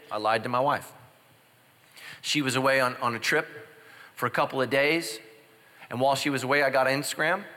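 Animated joking pastor in a big hall. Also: male voice. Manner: animated, jumps into loud high exclamations and drops to hushed confessions. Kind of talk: humorous sermon with storytelling.

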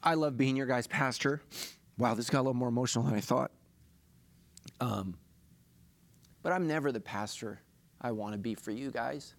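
A man's voice: medium pitch, normal speed, gravelly, pauses often. A middle-aged man, a pastor, preaching a sermon in a confessional, self-deprecating way that builds to impassioned preaching.

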